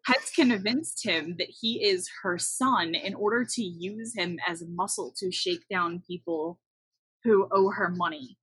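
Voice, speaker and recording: A woman co-hosting a casual chat, wryly recapping a movie in a steady, explaining way. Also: fairly low pitch, measured pace, breathy edge, dry recording, rough recording. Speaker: podcast co-host.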